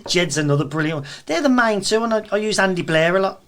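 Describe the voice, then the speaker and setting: A man with a Birmingham accent tells stories in a casual chat as a guest, and his voice sits a little high. He lively acts out what others said along the way. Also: fast. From England. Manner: animated storyteller, acts out quotes. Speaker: guest, event promoter.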